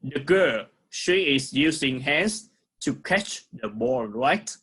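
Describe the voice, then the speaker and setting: Slow, husky Vietnamese-accented male teacher. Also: mid-range voice, lively intonation, fairly bright tone. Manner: slow, repeats words for pupils to echo. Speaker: primary school English teacher. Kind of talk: recorded online lesson.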